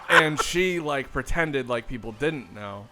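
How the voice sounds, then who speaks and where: A man's voice: mid-range voice, heavy background noise. A man co-hosting a casual chat, telling stories with sarcastic jokes. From northern US. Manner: sarcastic storyteller, quick jokes. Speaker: podcast co-host.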